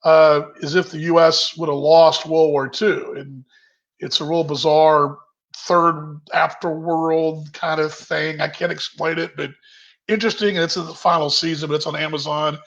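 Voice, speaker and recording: Man, high-pitched voice, chatty rambling host, home kitchen, muffled lo-fi video call sound. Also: level tone, moderate pace, a bit bright. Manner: chatty, rambling, reads viewer comments aloud. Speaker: host of a virtual happy hour. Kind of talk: casual chat on a video call. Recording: dull lo-fi video call audio.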